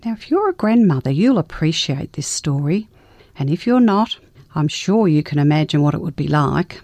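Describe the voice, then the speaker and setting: A gentle older woman with a slightly low voice tells a family story slowly and tenderly. Her reading is measured and warm in intent, recorded dry and close to the mic. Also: very animated, no room sound. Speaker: guest storyteller.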